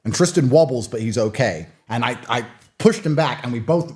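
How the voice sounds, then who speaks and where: Fast, animated man talking emphatically. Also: medium pitch, slightly rough. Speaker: guest. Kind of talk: casual interview talk.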